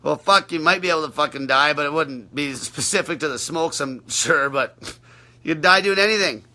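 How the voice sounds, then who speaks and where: A man's voice: fairly high pitch, moderate pace, sharp tone. A man coaching on a livestream, answering viewer questions in a brash, blunt, profane way.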